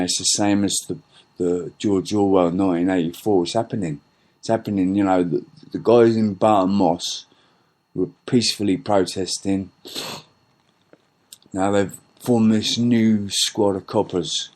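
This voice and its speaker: A man's voice: low voice, a little mellow. A middle-aged man ranting angrily in a rambling, profane monologue, full of restarts and repeats. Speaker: podcast host.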